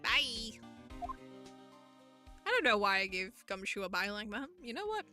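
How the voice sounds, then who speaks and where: A woman's voice: medium pitch, big pitch swings, fast talker, bright, forceful tone, soft background music. A woman streamer in casual, playful commentary, self-mocking. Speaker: game streamer.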